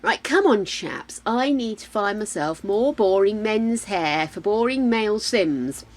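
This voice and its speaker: A woman's voice: mid-range voice, expressive, a little slow, rough recording. A woman from the UK chatting casually as a live streamer, muttering to herself while she plays a game. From United Kingdom. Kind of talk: casual gameplay chat.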